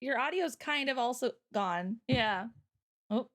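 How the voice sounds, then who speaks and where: A woman's voice: on the high side, expressive, measured pace, fairly bright tone. A young Canadian woman with a Canadian accent, hosting a casual livestream chat in a giggly, rambling way full of fillers. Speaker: livestream host.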